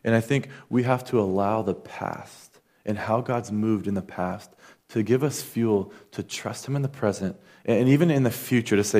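A man's voice: fairly low pitch, moderate pace, darkish tone. A man preaching a sermon in an earnest, conversational way, acting out quoted lines as he goes. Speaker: pastor.

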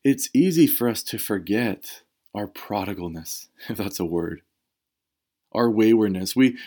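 A man's voice: fairly low pitch, animated, a little slow, warm tone. A man preaching a sermon as a pastor, talking in a conversational and emphatic way, with casual asides to the congregation.

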